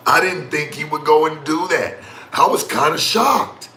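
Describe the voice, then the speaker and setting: A man's voice: on the high side, unhurried. Mocking, profane man in an echoey room. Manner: profane, mocking, animated storytelling. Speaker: streamer and talk show host. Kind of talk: casual rant to live stream chat. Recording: echoey room with faint ambient noise.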